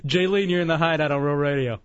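A man's voice: a little high, quick pace. A man hosting a casual talk radio show, joking with his co-host and taking calls from listeners. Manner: animated, joking, takes calls. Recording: lo-fi radio broadcast.

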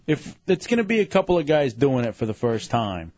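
A man's voice: medium pitch, big pitch swings, a little fast, a little mellow, no room sound. Teasing male radio host. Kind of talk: casual radio banter. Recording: lo-fi radio studio with faint music.

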